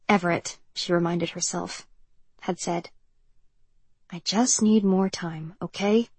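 A woman narrating an audiobook novel in an even, measured storytelling manner. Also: mid-range voice, slightly rough, no room sound. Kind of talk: scripted narration.

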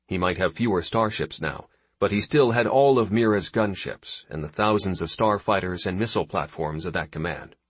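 A man narrating an audiobook in a steady, even storytelling manner. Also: low voice, normal speed, hardly any pauses, husky, no room sound. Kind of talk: scripted narration.

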